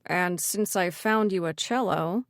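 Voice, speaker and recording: A woman's voice: fairly low pitch, measured pace, dry recording, clean studio sound. A woman doing a teasing young man. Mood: playful. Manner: dismissive, teasing. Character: teasing young man, playful older brother. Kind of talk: audiobook character voice.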